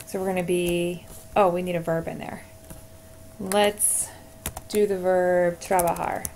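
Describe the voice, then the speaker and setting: A woman's voice: lowish voice, level tone, measured pace, darkish tone, a little hiss or hum. A woman teaching Spanish verb endings in a screencast lesson, encouraging and talking her students through each answer as she types. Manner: encouraging, talks through typing.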